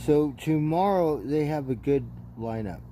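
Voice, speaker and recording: A man's voice: on the high side, animated, measured pace, warm tone, slight background noise, low-quality recording. A man hosting a casual livestream, rambling playfully and tagging his lines with "right?". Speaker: livestream host. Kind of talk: casual live-stream chat.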